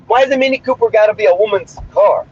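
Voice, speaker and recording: Speaking quickly in a high-pitched, slightly mellow voice, a man livestreams from his moving car in a brash, crude, rambling chat. The audio, captured on a phone, is muffled with faint road noise.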